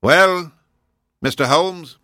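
A man's voice: on the high side, very slow, sharp tone, dry recording, clean studio sound, pitched above the performer's own voice, exaggerated voice. A man doing a stern proud old duke. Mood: imperious. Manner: imperious, clipped. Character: stern aging male duke, proud aristocrat. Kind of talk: audiobook character voice.

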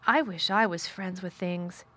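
A woman voicing a frail, excitable young boy. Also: fairly low pitch, measured pace.

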